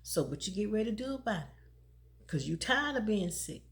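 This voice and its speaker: A woman's voice: medium pitch, sing-song, moderate pace. A middle-aged woman hosting a motivational vlog, telling a personal story in a conversational way, laughing often and repeating phrases for emphasis. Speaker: motivational vlogger.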